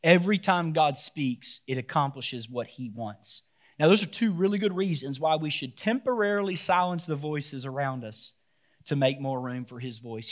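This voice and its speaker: A man with a fairly high voice preaches a sermon at church. He is animated, rising to loud shouts and then dropping low and quiet to stress his points. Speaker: pastor.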